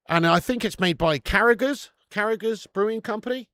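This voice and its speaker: Guy hosting a football watch-along stream, a bit high voice, sweary banter, dry close mic. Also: a little fast, fairly bright tone, no room sound. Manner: sweary banter, laughing while reading out viewer messages. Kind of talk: live football watch-along commentary and chat.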